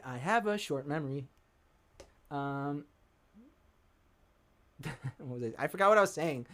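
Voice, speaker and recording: A man's voice: on the high side, animated, unhurried, long pauses, fairly bright tone, in a large hall. A man hosting a casual livestream. He rambles, reads out the chat and pokes fun at himself. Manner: rambling, self-deprecating, reads chat aloud. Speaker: livestream host.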